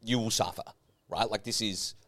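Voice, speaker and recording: A man's voice: lowish voice, fairly even intonation, normal speed, a bit bright, dry recording. A man co-hosting a podcast in casual chat. He talks bluntly and fills his speech with "like" and "right?". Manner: blunt, filler-heavy, lots of "like" and "right?". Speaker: podcast co-host.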